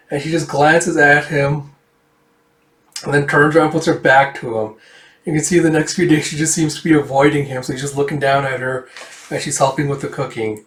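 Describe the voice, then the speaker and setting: A man's voice: a little high, steady tone, normal speed, reverberant. Man chatting loosely through a comic. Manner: rambling, full of "it's like" and "like". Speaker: comic book reader and reviewer. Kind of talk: casual read-through narration.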